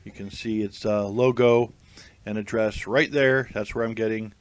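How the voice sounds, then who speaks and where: Male comic reader, lowish voice, dry and amused, casual asides. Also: steady tone, normal speed. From United States. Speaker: comedic reader of tweets. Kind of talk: casual comedic commentary.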